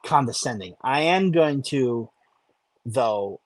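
A man's voice: mid-range voice, expressive, takes it slowly, no echo. A man co-hosting a sports podcast, ranting in casual chat and repeating himself for emphasis. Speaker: podcast co-host.

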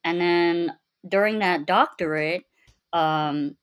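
A woman's voice: fairly low pitch, slow. A young adult woman candidly telling her life story in a casual, rambling way, with many fillers and quotes of her own past words.

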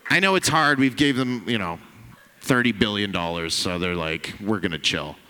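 Brash stand-up comic in a reverberant club. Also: male voice, fairly low pitch, expressive, moderate pace, sharp tone, clean tone. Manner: brash, profane, teasing the audience. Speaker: stand-up comedian. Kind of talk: stand-up set with crowd work. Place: comedy club stage.

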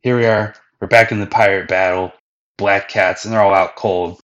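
A man hosts a casual anime recap in a loose, slangy way, full of "like" and offhand swearing. His voice is low and the recording is dull and lo-fi. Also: fairly even intonation, normal speed, fairly bright tone. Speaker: podcast host recapping anime.

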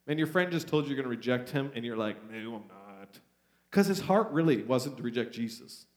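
A man with a Canadian accent preaching a sermon in a church, animated and conversational as he reads and retells scripture. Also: mid-range voice, fast talker. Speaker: pastor. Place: church sanctuary. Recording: roomy church echo.

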